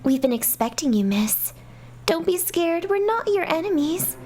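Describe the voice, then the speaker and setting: A woman's voice: extremely high pitch, sing-song, moderate pace, a little mellow, slight background noise, pitched above the performer's own voice. A woman voicing eerie sing-song toys. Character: chorus of eerie welcoming toys.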